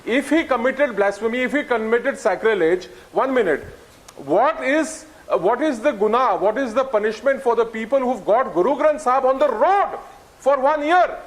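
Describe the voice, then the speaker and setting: A man with an Indian accent argues as a debate panelist in a strikingly high voice. He speaks with passion, often stumbling and restarting as he forces his way into the argument. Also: animated, normal speed. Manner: impassioned, stammers into his points. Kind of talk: televised studio debate.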